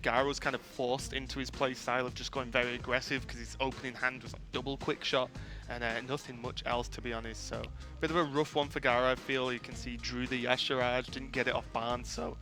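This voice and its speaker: A man's voice: mid-range voice, flat delivery. Chatty male esports caster over music. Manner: quick, chatty play-by-play with many fillers. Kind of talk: live esports commentary. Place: tournament venue.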